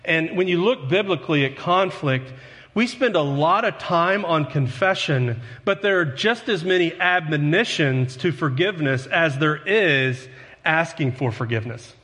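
A man with a slightly high, sharp-toned voice preaches a sermon as a pastor in a church sanctuary. Earnest yet conversational, he makes self-deprecating asides to his congregation. Long hall reverb fills the recording.

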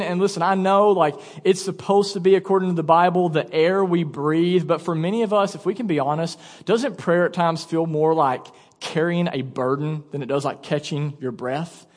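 A man in his thirties preaching a sermon as pastor, telling a story with quick asides and lively energy. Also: high voice, in a large hall. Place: church auditorium.

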